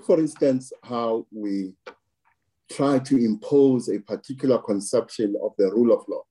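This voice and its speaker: A man speaks in a very dark, mellow voice with a slightly husky edge. He talks at a slow, deliberate pace, piling up phrases for emphasis as he gives political commentary. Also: on the low side.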